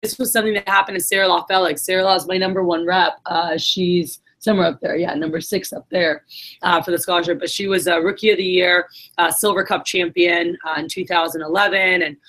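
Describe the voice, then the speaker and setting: A woman's voice: on the low side, steady tone, fairly quick, fairly bright tone. A woman giving a casual, swearing motivational talk to her sales team, acting out the voices in her stories. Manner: casual storytelling, acts out quotes, swears.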